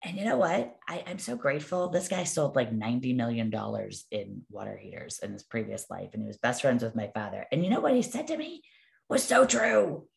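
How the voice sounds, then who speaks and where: A woman coach with a gravelly, very deep voice gives a motivational talk to sales agents. She tells her stories in a chatty way, full of asides and quick tag questions. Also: expressive. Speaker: real estate sales coach and manager.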